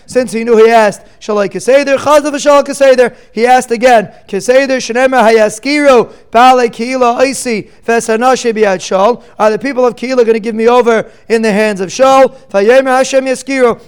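A man's voice: extremely high pitch, smooth. A man teaching a daily Talmud class, reading the text and explaining it line by line in plain English. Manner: explains each text line by line, mixing in Hebrew terms.

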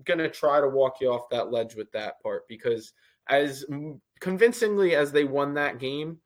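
A man co-hosting a sports podcast, talking in a relaxed, conversational way and giving firm opinions. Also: medium pitch, normal speed. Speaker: podcast co-host. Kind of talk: casual sports podcast chat.

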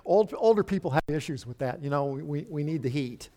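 An older male pastor preaches in a church with a relaxed, folksy manner. His voice sits a bit higher than most men's. He often turns to the congregation with chatty asides. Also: a little fast. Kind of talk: sermon.

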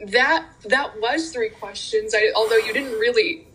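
A woman's voice: a little high, measured pace, fairly bright tone, a little hiss or hum, low-quality recording. A young woman who is a guest in a casual chat, teasing her friend with playful made-up scenarios.

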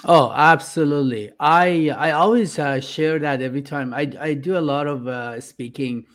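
A middle-aged man from Iran, a podcast guest talking earnestly and haltingly, with many "uh" fillers. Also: fairly high pitch, a bit bright. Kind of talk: casual interview talk.

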